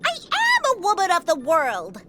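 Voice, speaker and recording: A woman's voice: very high-pitched, huge pitch swings, unhurried, heavily acted. A woman voicing a spoiled, demanding little girl in a video game, whiny and bossy. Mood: delighted. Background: game music.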